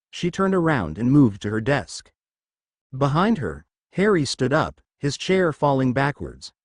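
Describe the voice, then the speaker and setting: A man narrating a fan fiction story in an animated reading style. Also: mid-range voice, unhurried, dry recording, studio quality.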